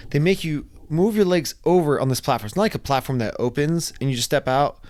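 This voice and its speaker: A young man casually telling a personal story, animated and acting out his own reactions. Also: a little high, a little fast. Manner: animated, acts out his own screams and quotes.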